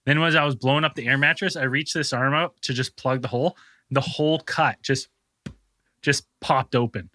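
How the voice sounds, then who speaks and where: A man's voice: medium pitch, fairly even intonation, normal speed, pushed and bright, no echo, studio quality. A man co-hosting a podcast, telling a rambling, profane anecdote with frequent laughs in casual chat. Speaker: podcast co-host.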